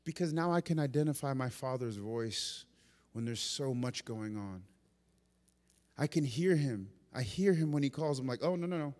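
A man preaching a sermon in a church during a live service, animated, swinging between loud emphasis and hushed delivery. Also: mid-range voice, moderate pace. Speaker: pastor. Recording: long reverb of a church hall.

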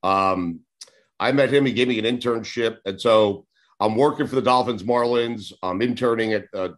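With a lowish voice at a moderate pace, this sports radio host from New York, a man in his forties, spins long, meandering stories during a relaxed interview. He reenacts past conversations and drops the occasional curse word.

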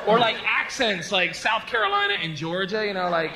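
A man performing a stand-up comedy routine on stage, telling stories loudly and with lots of energy. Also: high-pitched, fairly quick. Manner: loud, animated storytelling. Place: comedy stage before a live audience. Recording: live stand-up with loud crowd noise.

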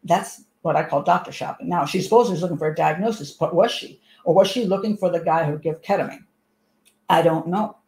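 A woman's voice: lowish voice, fairly quick, darkish tone. A woman hosting a show, giving casual commentary and telling a rambling, chatty personal story full of restarts. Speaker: host and commentator. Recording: echoey room.

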